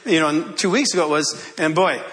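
A man's voice: on the high side, lively intonation, very fast, fairly bright tone. A male pastor preaching to his congregation, telling a self-deprecating personal story with humor.

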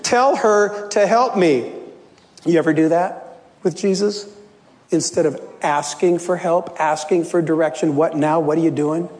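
A man preaching a sermon, telling a story with lively, animated delivery and frequent laughs. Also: on the high side. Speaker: pastor. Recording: long hall reverb.

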